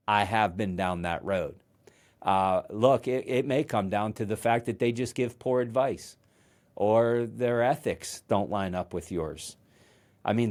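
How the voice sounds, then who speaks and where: A man hosting a motivational solo talk at a middling pitch. His delivery is conversational and emphatic. He often restarts his sentences. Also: darkish tone. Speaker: host.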